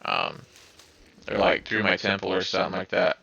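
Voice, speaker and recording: Scratchy-voiced male vlogger, low and bright-toned, hesitant delivery with lots of fillers. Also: level tone, moderate pace, gravelly, dull audio. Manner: hesitant, many fillers and restarts. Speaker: video creator. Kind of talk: casual vlog talk to viewers.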